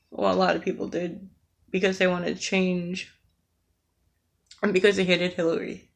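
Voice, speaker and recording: A woman's voice: fairly low pitch, flat delivery, measured pace, vocal fry, pauses often. A woman from the United States delivering an earnest, emotional rant, with frequent hesitations and fillers as she talks. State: emotional, near tears. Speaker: vlogger.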